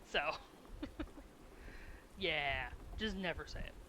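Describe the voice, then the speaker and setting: A streamer rambles to chat at a slow, easygoing pace while drawing emotes, chuckling between thoughts. The voice is bright and a touch sharp. A faint background noise sits under the talk. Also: mid-range voice, expressive, poor audio.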